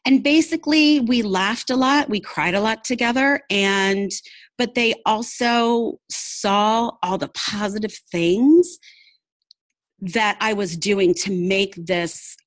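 This is a candid personal interview with a woman as the guest, her voice mid-range and free of room sound. She speaks openly and from the heart, frequently laughing as she tells her story.

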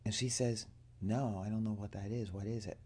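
A man's voice: lowish voice, fairly even intonation, normal speed, warm tone, slightly rough. A man telling a personal story to a group, earnestly acting out the dialogue he quotes. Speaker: coaching student.

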